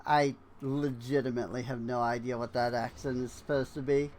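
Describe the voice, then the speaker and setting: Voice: mid-range voice, flat delivery, fairly quick, a little mellow, a little hiss or hum. A streamer giving casual game commentary with chatty, self-deprecating asides.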